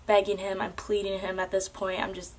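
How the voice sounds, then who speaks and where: A woman's voice: medium pitch, completely flat delivery, fairly quick, slight background noise. A young woman earnestly telling a personal story to camera, casual and full of "like" and "um". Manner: earnest, with many fillers like "like" and "um".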